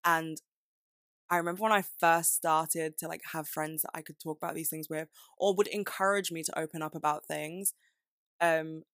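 Low-voiced candid woman podcaster. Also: fairly even intonation, moderate pace, fairly bright tone, dry recording, studio quality. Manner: candid, rambling, self-deprecating, laughs often. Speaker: podcast host. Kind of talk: casual solo podcast chat.

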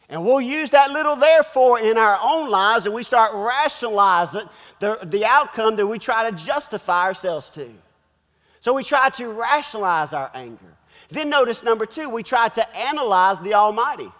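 A man's voice: high-pitched, fairly bright tone, long reverb tail. A pastor preaching a sermon, emphatic and calling out to his congregation, repeating key words for effect.

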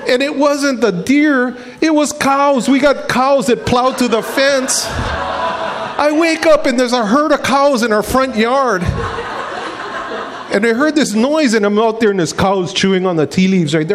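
A man preaching in a relaxed, conversational way, spinning everyday stories into a lesson. His voice sits high for a man, and he colors his quotes with playful voices. He tosses in "man" like he's chatting with friends. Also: measured pace. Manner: animated, acts out quotes in voices; folksy, says "man" often. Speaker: pastor. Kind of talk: casual storytelling sermon.

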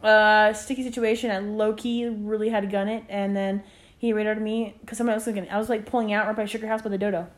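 A woman's voice: medium pitch, little pitch movement, fast. A woman in her twenties, a podcast co-host, chatting casually and telling stories full of "like" and acted quotes. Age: 20s. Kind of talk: casual chat.

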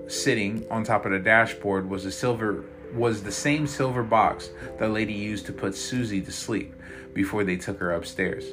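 A man narrating a dark first-person story in a dramatic, intense way. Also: on the low side, moderate pace. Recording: loud guitar music behind.

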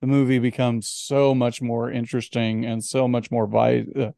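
A man co-hosting a podcast, chatting casually about films in an animated way and often restarting his words. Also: mid-range voice, moderate pace, vocal fry, dry recording, studio quality. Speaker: podcast co-host. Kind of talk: casual film discussion.

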